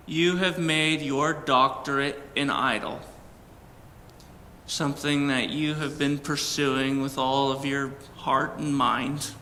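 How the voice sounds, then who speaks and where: A man voicing a hushed, firm divine voice. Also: mid-range voice, steady tone, slow, long reverb tail, a little hiss or hum.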